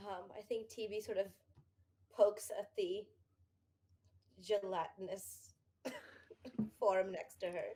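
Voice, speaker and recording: A woman's voice: medium pitch, takes it slowly, pauses often, a little mellow, a little hiss or hum. A woman playing in a tabletop role-play, playful and prone to giggling. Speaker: player.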